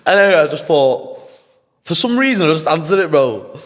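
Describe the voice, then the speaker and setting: A young man from England, a podcast guest, telling a story in an animated, casual, slangy way and swearing freely. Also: a little high, brisk. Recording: long hall reverb.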